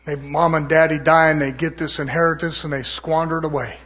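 A man's voice: fairly high pitch, little pitch movement, brisk, a bit bright. A man preaching a sermon in an impassioned, folksy way, firing off rhetorical questions.

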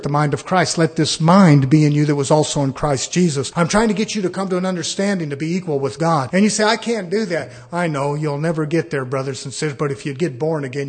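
A man preaching a sermon, stressing his points, asking rhetorical questions and saying amen between phrases. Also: fairly high pitch. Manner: emphatic, punctuates phrases with "amen"; rhetorical questions and swings in volume.

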